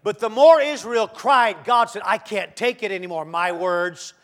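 A man preaching a sermon, swinging from quiet talk to loud shouting and acting out the voices of the figures he quotes. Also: sits high, normal speed. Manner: dramatic, swinging from soft to shouting; acts out quoted voices of God and Moses.

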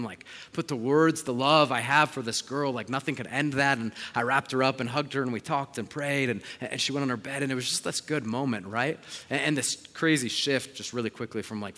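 Earnest pastor, bright voice in a reverberant church. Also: male voice, mid-range voice. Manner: earnest, swings from hushed to rising emphasis. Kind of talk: sermon. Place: church sanctuary. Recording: long hall reverb.

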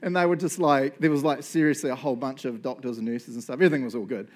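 A man, preaching a sermon as a lively storyteller who acts out what people said and often checks in with "right?". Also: medium pitch, fast. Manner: animated, acts out quotes, frequent "right?" and "um". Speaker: pastor.

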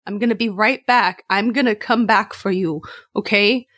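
A woman's voice: medium pitch, moderate pace, a bit bright, dry recording, clean studio sound. A woman playing a tabletop game, speaking emotionally and swearing casually. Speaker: player.

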